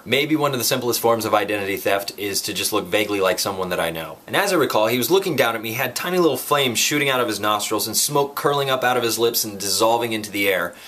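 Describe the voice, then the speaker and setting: A man tells a funny story from his own life in a playful, deadpan way. He piles on wild exaggerations without breaking his steady, middle-pitched delivery. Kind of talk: comic personal storytelling.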